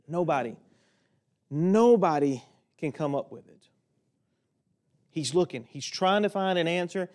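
A man preaching a sermon from a lectern in a church, folksy and joking, swinging between loud stretches and quiet ones. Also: a little high, animated, moderate pace. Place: church sanctuary, speaking at a lectern.

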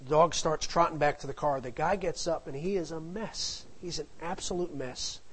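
A man's voice: fairly high pitch, normal speed, husky, low-quality recording. A middle-aged man telling a family anecdote in a casual, rambling way, full of asides. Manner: rambling, digressive, with frequent asides. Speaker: storyteller.

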